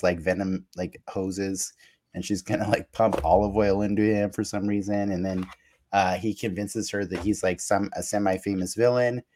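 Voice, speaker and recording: A man with a somewhat low voice recaps a cartoon episode for a podcast. He rambles in casual chat, stumbling over restarts and filling gaps with fillers as he laughs along. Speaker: podcast co-host.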